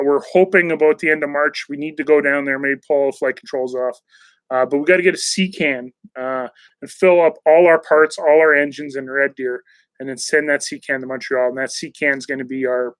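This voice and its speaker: A man's voice: mid-range voice, steady tone, normal speed, a bit bright, no room sound, rough recording. A man hosting a casual live-stream chat, reading viewer messages aloud and answering them in a rambling way, with many fillers and restarts.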